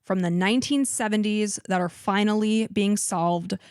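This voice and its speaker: A woman with a slight Chicago accent co-hosts a true-crime podcast. Her pitch sits in an ordinary middle range and her talk is earnest and emphatic. The recording is dry and close, with no room sound. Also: moderate pace, darkish tone, dry recording. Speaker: podcast co-host.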